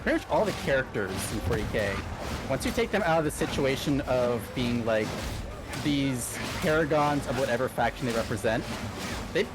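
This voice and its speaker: A man chatting casually while streaming a game, relaxed and agreeable, often murmuring agreement. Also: mid-range voice, normal speed, over music. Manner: relaxed, many affirming murmurs. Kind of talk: casual gaming chat.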